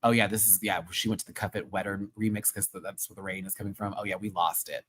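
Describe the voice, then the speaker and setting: A man hosting his own channel, chatting casually through a recap of a live show, slangy and gushing, with sudden high excited exclamations. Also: quick pace, hardly any pauses, breathy edge. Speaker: channel host.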